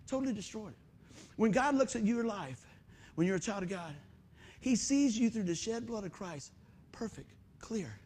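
A man preaching a sermon as pastor, energetic, with loud bursts and quiet asides. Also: sits high, normal speed, a little hiss or hum.

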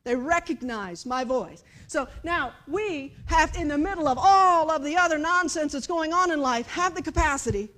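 A high-pitched woman delivers a sermon. She tells stories with animated energy, dropping to a hush and then rising loud, and acts out little voices as she goes. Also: moderate pace, few pauses. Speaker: pastor.

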